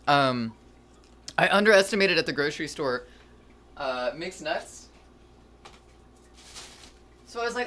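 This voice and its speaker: A cooking streamer chats casually with viewers while cooking, rambling and mocking their own mistakes with self-deprecating humor. The voice is medium-pitched and sharp, at a moderate pace with long pauses, over a little hiss or hum.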